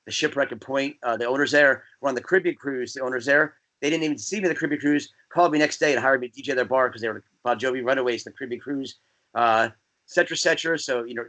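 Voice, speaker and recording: A man from New Jersey, a guest DJ, chatting casually and telling rambling, animated stories. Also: mid-range voice, quick pace. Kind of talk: casual podcast chat.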